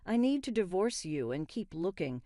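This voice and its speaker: A woman's voice: lowish voice, very animated, moderate pace, mellow, no echo, studio quality. A woman voicing a greedy, scornful young husband in a plain, blunt read. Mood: cold.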